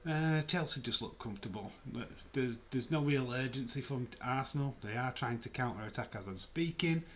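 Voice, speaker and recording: A man hosting a livestream, giving relaxed, chatty commentary and reactions while watching a match. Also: mid-range voice, moderate pace, a little hiss or hum. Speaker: livestream host. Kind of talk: casual live match commentary.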